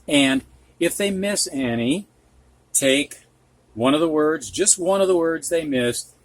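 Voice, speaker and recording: A man teaching a reading lesson, reading words slowly and repeating them, with patient explanations for teachers. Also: mid-range voice, no echo. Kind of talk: slow spoken reading lesson.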